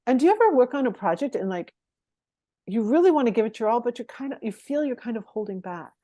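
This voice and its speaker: A woman's voice: a little high, big pitch swings, fast talker, warm tone, dry recording. A middle-aged woman performance coach, telling stories as a guest in a conversational interview and laughing often between phrases.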